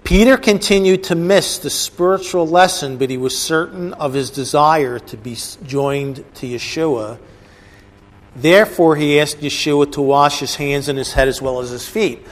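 A man's voice: fairly high pitch, moderate pace. A man teaching a bible class, explaining a passage with casual asides to the listeners. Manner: conversational, asides to the audience.

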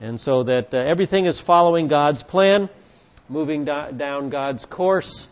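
A man teaching a Bible study class, speaking in a measured, halting way with fillers and restarts. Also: on the high side. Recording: dull lo-fi recording.

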